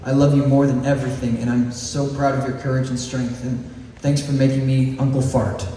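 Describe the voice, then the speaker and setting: A level-toned, mid-range voice carries this graduation speech from an eighteen-year-old East Texas valedictorian. His words are sincere yet joking, spoken slowly and deliberately with chuckles mixed in. It was recorded from far off in a large echoing hall or gym, and faint noise is audible.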